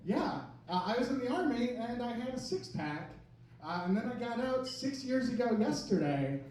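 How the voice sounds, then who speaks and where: Extremely high-pitched and very animated, a little mellow, a thirty-something comedian moves at normal speed through rambling, self-deprecating material on a club stage. Crowd laughter echoes around a distantly placed microphone.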